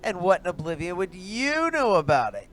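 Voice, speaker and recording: A man's voice: sits high, huge pitch swings, moderate pace, fairly bright tone, slight background noise, voice pushed up, heavily acted. A man voicing a brash, touchy young male elf adventurer in a raised, strained voice that cracks. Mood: mocking.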